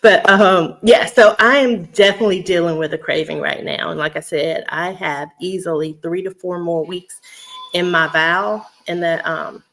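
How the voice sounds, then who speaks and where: A woman's voice: lowish voice, steady tone, moderate pace, a bit bright. Chatty woman vlogger. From Houston, Texas. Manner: chatty, laughs often, talks straight to her audience. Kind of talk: casual chat to viewers.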